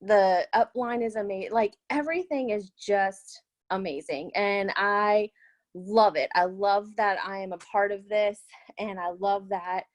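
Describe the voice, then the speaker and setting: A woman's voice: medium pitch, measured pace. A young woman, a new health coach, telling her story in an earnest, rambling way with many fillers. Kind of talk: webinar testimonial.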